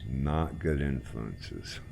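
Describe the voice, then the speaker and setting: A man hosting a flight sim group, chatting in a relaxed, rambling way while he flies. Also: very deep voice, very slow, creaky, slight background noise. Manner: relaxed, rambling, trailing off quietly. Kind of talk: casual chat while flying.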